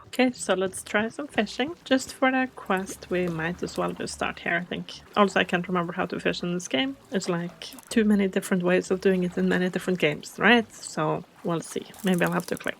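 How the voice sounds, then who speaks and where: A woman hosting a gaming video, chatting casually and softly, often puzzled by the game. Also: medium pitch, moderate pace, creaky. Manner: soft-spoken, chatty, easily confused. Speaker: gaming channel host.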